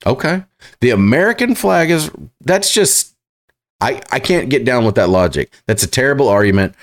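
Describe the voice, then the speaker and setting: A man hosting reaction commentary, sarcastic and halting, full of fillers and restarts. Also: medium pitch, sing-song. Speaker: commentary host.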